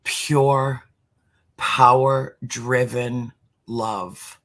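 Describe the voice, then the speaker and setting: A middle-aged speaker talking earnestly about spirituality as a podcast guest, slowing down to stress words. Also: mid-range voice, little pitch movement, fairly bright tone. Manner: earnest, emphatic, slows for emphasis. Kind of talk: heartfelt spiritual talk.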